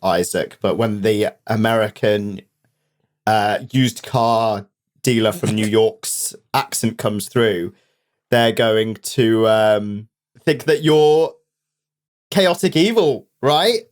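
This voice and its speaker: A young man co-hosting a gaming video, playful and jokey, quick to agree with his partner. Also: lowish voice. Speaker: gaming channel co-host. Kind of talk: casual gameplay chat.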